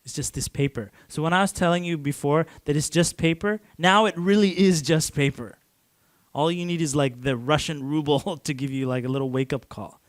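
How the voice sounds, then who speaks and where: A man from Canada lectures a class in an easy, rambling way, full of "like" and little restarts, chuckling between points. His voice sits a bit higher than most men's. The sound is close and dry, with no room around it. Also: normal speed, dry recording.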